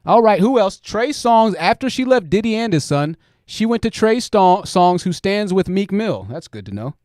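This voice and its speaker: A man's voice: high voice, very animated, moderate pace, a little mellow, no room sound, clean studio sound. A man hosting a livestream, giving blunt commentary and talking straight to his chat. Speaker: host.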